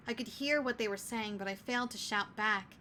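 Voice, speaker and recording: A woman's voice: on the high side, a little fast, bright, forceful tone, slight background noise. A woman streamer reading a story game aloud, breaking off to apologize and joke.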